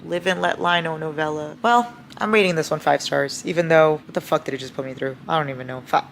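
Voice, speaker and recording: A young woman vlogging at home about her reading, gushing, excitable and swearing a lot. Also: low voice, fairly quick, gravelly, slight background noise. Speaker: book vlogger. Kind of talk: casual reading vlog.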